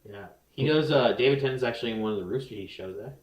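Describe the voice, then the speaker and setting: Rambling young man in an echoey room. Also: mid-range voice. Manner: rambling, restarts often, quick bursts then slow. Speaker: podcast co-host. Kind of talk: casual chat. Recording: roomy echo.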